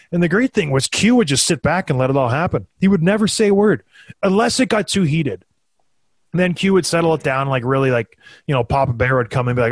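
In a casual storytelling chat, a podcast co-host in his thirties who once played hockey speaks briskly with a voice a bit high for a man. He acts out quotes in a raised pitch, animated throughout, and the audio is dry and close, with no room sound.

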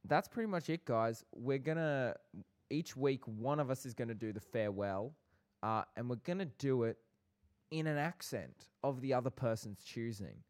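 A man's voice: mid-range voice, moderate pace, a little mellow. A man co-hosting a casual chat podcast, talking in a playful, bantering way. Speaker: podcast co-host.

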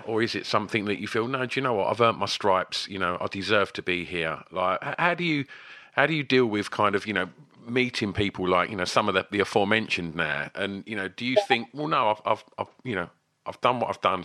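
A man's voice: on the low side, pushed and bright, no echo, clean studio sound. A male interviewer asking long, hesitant questions in a casual interview.

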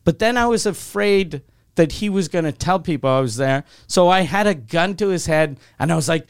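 A man's voice: fairly high pitch, lively intonation, moderate pace, clear, resonant tone. A man hosting a podcast, telling a long dream story in casual chat, rambling and swearing freely. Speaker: podcast host.

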